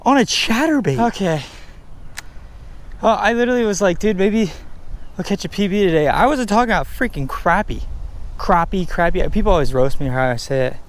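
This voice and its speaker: A young man from Delaware filming his own fishing trip, exclaiming and chatting excitedly beside a pond. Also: high-pitched, fairly quick. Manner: excitable, exclaiming, mild slang. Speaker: fishing vlogger. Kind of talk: excited casual vlog commentary. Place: outdoors by a pond.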